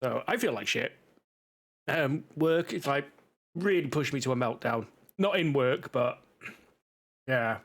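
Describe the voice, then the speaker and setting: A man's voice: medium pitch, expressive, measured pace, creaky, pauses often, fairly bright tone. A man chatting casually to his live-stream audience while playing a game, rambling and swearing a little, stuffy from a cold.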